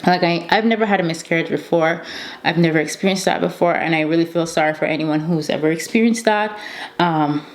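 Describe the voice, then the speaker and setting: Chatty woman in her thirties, slightly low voice. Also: a little fast. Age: 30s. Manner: chatty, animated storytelling with repeated emphasis. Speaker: beauty vlogger. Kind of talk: casual chat to camera.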